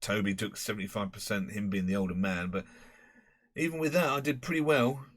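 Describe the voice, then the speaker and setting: A man's voice: fairly low pitch, fairly quick, natural voice. A man voicing a boastful, rambling middle-aged London pub owner and former crook with a Cockney accent.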